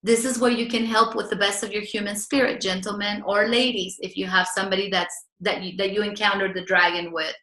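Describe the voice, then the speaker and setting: A woman's voice: mid-range voice, fairly even intonation, brisk, bright, forceful tone, echoey room. A woman relationship coach, talking earnestly to viewers and acting out the lines they should say.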